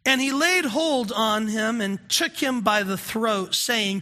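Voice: medium pitch, a little slow, few pauses, pushed and bright. A pastor preaching a sermon in an earnest, conversational way, asking the congregation questions.

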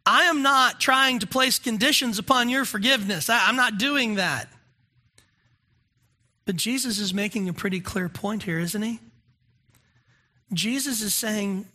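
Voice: medium pitch, unhurried, long pauses, pushed and bright. A pastor preaching a sermon in an earnest, conversational way, asking the congregation questions.

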